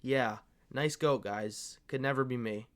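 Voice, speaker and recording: A man's voice: medium pitch, unhurried. A man hosting a fight-sports commentary channel, ranting casually in a profane, fired-up, rambling way and calling his viewers "bro". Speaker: MMA commentary channel host. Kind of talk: casual opinion rant.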